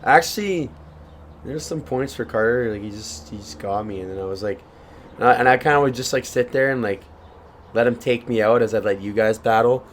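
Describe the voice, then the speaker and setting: A man's voice: medium pitch, fairly quick, slight background noise. A young man co-hosting a casual podcast, telling a rambling story with swearing and laughs. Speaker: podcast co-host. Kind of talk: casual chat.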